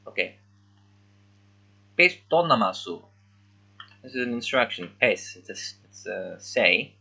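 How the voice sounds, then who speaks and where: A man's voice: on the low side, lively intonation, measured pace, gravelly, pauses often, sharp tone, slightly rough, muffled recording. Man puzzling aloud over a text. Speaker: language learner. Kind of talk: casual thinking-aloud readalong.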